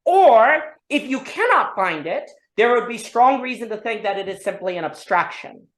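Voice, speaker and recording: A woman hosting an online discussion, thinking aloud about philosophy in an animated way, full of restarts and rhetorical questions. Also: on the high side, moderate pace. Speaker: discussion host. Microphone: online call. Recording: roomy echo.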